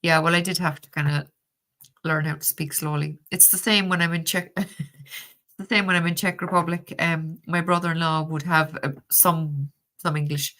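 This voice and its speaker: Chatty Cork Irish woman streaming, lowish, bright voice, quick laugh, casual swearing. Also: little pitch movement. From Ireland. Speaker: tarot deck reviewer reading live chat. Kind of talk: casual live-stream chat.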